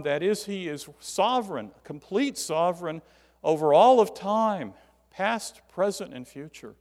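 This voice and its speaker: A man's voice: fairly high pitch, lively intonation, a little slow, a little mellow. A man preaching a sermon, emphatic, rising and falling sharply to stress key words. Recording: hall reverb.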